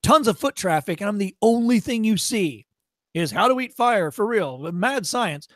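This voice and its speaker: Male workshop presenter, high voice, dry sound; blunt, profane, tough-love delivery. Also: lively intonation, fairly bright tone, no room sound. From Chicago area. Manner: acts out shopkeepers in quick voices. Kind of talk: workshop lecture.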